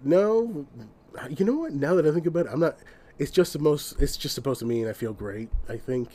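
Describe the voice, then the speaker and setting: Mellow-voiced man in casual podcast chat. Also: a little high, lively intonation, a little fast. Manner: laid-back, laughs often, playful voices. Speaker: podcast co-host.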